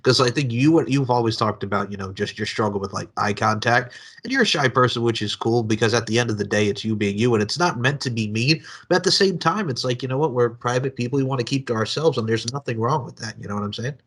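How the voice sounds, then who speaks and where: A man's voice: mid-range voice, fast, a bit bright, breathy edge. A man hosting a podcast, talking in an emphatic, profane way and often checking in with his guest. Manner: emphatic, profane, keeps saying "you know what I'm saying". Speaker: podcast host. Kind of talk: casual chat.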